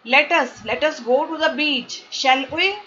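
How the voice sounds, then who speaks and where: A woman with an Indian English accent teaching a grammar lesson, explaining slowly and patiently and checking that students understand. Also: sits high, pushed and bright. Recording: dull lo-fi with faint noise.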